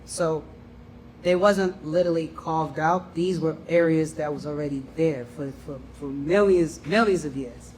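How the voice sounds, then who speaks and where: A man with a notably high voice gives an informal lecture and keeps checking in with his listeners. He sits some way back from the mic in a roomy, echoing space. A faint hiss lies underneath. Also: measured pace, darkish tone. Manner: conversational, often checks in with "right?" and "you know what I'm saying?". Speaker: class teacher. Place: room with a class. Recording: roomy and distant with faint noise.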